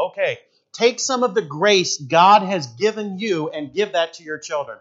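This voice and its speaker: A middle-aged man, a pastor preaching a sermon in an animated, jokey way. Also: sits high, normal speed, dull audio. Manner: animated, jokey, shouts in acted quotes.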